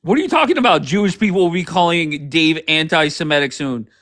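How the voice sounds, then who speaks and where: A man's voice: fairly high pitch, expressive, brisk, fairly bright tone. A man hosting a livestream, ranting sarcastically over clips with plenty of swearing. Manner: sarcastic, profane, heated. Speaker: livestream host.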